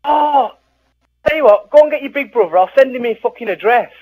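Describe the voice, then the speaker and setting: A man gamer shouting insults and swearing over voice chat. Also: very high-pitched, animated, fairly quick, poor audio. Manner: aggressive, swearing. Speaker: online gamer.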